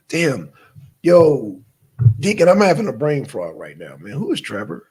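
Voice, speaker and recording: A man's voice: on the high side, a little fast, gravelly, slightly rough. A man hosting a live stream, chatting casually with viewers, reading out chat names and firing off questions. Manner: animated, bursts into shouted questions, mutters to himself.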